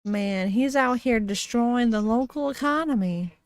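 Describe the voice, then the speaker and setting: A woman's voice: on the high side, measured pace, no room sound. A woman streamer casually reading a horror story aloud, giggly, with frequent laughs and dry asides.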